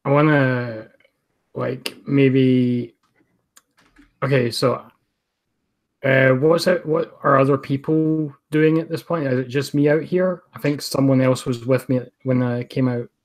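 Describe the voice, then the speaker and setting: Slow, hesitant man playing a tabletop game. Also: mid-range voice, steady tone. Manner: hesitant, lots of uh and you know. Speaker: player.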